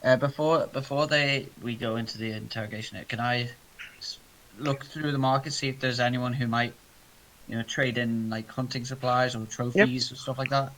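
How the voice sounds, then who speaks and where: A man's voice: medium pitch, fairly even intonation, moderate pace, a bit bright, poor audio. A man playing a tabletop game, asking hesitant questions and repeating himself. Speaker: player.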